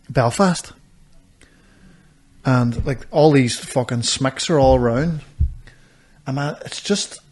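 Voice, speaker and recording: A man, co-hosting a casual podcast, laughing often and saying aye. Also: medium pitch. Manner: lively, laughs a lot, says "aye" often. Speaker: podcast co-host. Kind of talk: casual chat.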